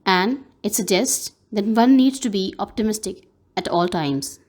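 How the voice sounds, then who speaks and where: A woman with a Pakistani English accent giving a recorded lesson to an eighth-grade class, explaining words slowly and spelling out their pronunciation. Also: mid-range voice, a little mellow. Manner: slow, careful teacher's delivery spelling out pronunciations. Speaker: teacher.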